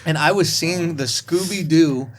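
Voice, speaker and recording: A man co-hosting a comedy podcast, loud and laughing, cursing freely in rowdy banter. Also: fairly high pitch, moderate pace, a little hiss or hum. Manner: loud, laughing, swearing often. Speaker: podcast co-host.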